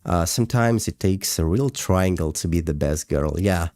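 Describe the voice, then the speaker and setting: A low-pitched man speaks at a moderate pace in a slightly mellow voice, with no echo. Casually chatting on a livestream, this animator walks through his work hesitantly, using many fillers, over faint music.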